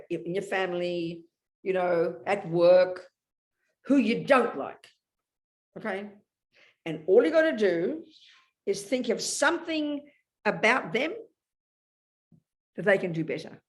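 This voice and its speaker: A woman giving a Buddhist dharma talk to an audience, blunt and emphatic, often checking in with her listeners. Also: mid-range voice. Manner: emphatic and animated, often asks the audience "you know?"; blunt, outspoken. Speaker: Buddhist teacher.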